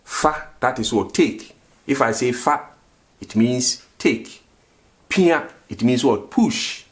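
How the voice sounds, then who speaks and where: A language teacher from Ghana gives a grammar lesson, posing questions and answering them himself and repeating words as a drill. He speaks slowly in a medium-pitched male voice.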